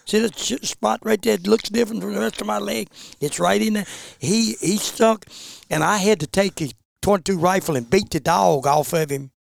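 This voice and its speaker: A man's voice: high-pitched, moderate pace, gravelly. An older man telling a folksy story in plain rural speech as a podcast guest. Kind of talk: casual storytelling.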